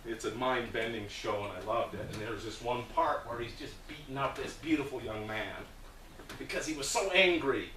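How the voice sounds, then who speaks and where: This man, a guest speaker on a volunteer food project, tells a group stories in a plain, earnest manner, pausing hesitantly along the way. His medium-pitched voice is pushed and bright at a normal speed; the roomy, distant-mic recording carries slight hiss or hum.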